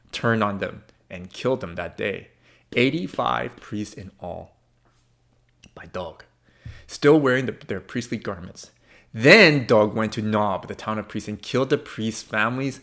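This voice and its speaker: A man preaching a sermon in an emphatic, expressive way, swinging between loud and soft. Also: fairly low pitch. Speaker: pastor.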